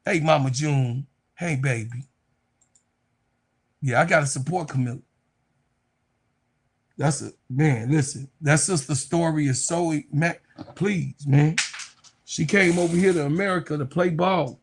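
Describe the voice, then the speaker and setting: A man hosting a casual sports live stream, reading chat aloud, excitable and profane, often breaking into laughter. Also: fairly high pitch, a little slow, pauses often, slightly rough.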